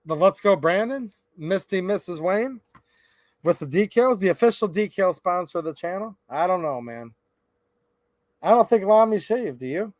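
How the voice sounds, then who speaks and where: A chatty, upbeat man hosts a livestream, greeting viewers by name with a fairly high voice. He talks close to the mic in a dry, dead room. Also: lively intonation, normal speed, no echo. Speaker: livestream host.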